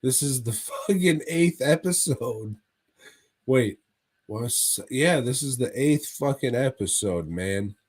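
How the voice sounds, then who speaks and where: Brief: laid-back, slow-speaking male co-host who swears through his plot recaps. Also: mid-range voice, expressive, a little mellow, breathy edge. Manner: profane, rambling retelling. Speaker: podcast co-host. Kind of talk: casual movie review chat.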